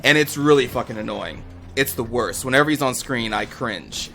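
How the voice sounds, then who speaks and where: A man's voice: medium pitch, lively intonation, normal speed, gravelly, fairly bright tone, soft background music. A young man rambling casually as a gaming channel host, talking over his gameplay with lots of fillers and the odd swear word.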